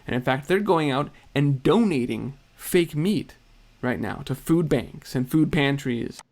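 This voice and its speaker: Male narrator, mid-pitched voice, brisk and pointed commentary delivery. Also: lively intonation, darkish tone. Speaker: video narrator.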